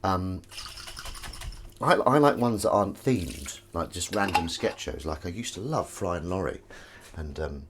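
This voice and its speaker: While washing dishes at home on a live stream, a man with a deep, expressive voice talks at a measured pace, rambling and self-mocking as he reads out viewer comments. The background is noisy with clattering dishes and cutlery.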